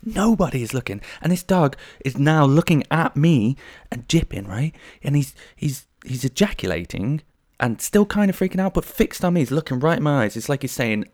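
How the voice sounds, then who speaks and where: A young adult man hosting a podcast, telling a rambling story in a casual, animated way with lots of swearing. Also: mid-range voice, fairly quick, no echo, studio quality. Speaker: podcast host. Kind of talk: casual solo storytelling monologue.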